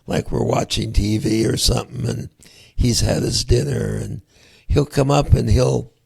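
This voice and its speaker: A middle-aged man hosting an interview, talking in a halting, easygoing way as he asks for advice. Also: mid-range voice, fairly even intonation, creaky, darkish tone, breathy edge. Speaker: podcast host. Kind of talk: casual interview.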